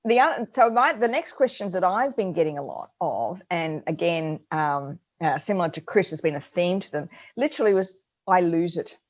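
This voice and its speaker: A middle-aged woman, co-hosting a parenting advice chat and telling stories in an animated way. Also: on the low side, brisk, hardly any pauses. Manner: animated storyteller, acts out her own yelling. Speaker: co-host.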